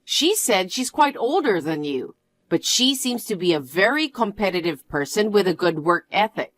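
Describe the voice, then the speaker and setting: A gentle middle-aged mother in a storybook tale, calm and apologetic, voiced by a woman. She speaks softly with a lively rise and fall. The sound is dry and close. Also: mid-range voice, moderate pace, dry recording, lightly acted.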